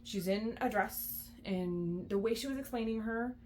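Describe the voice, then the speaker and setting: A woman's voice: a little high, unhurried, darkish tone, a little hiss or hum. A young adult woman, a mom and book vlogger, chatting casually with lots of likes and ums. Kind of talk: casual vlog chat.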